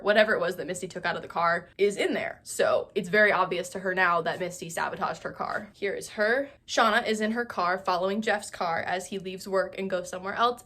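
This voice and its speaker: A young woman hosting a casual, sarcastic TV recap, chatty and quick to mock the characters. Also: mid-range voice, bright, forceful tone. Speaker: YouTube recap host. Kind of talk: casual comedic TV recap narration.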